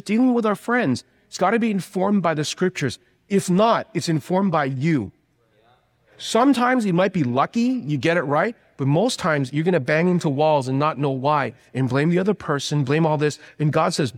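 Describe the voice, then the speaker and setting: Animated man preaching in a reverberant hall. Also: a little high. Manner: jokey, animated preaching with asides. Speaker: workshop speaker. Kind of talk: church workshop teaching.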